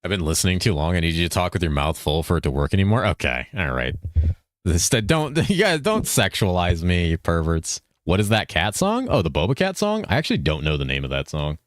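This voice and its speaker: A man's voice: low-pitched, sing-song, a little fast, no echo, studio quality. A man in his thirties chatting casually on a game stream, rambling and reacting to chat messages. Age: 30s.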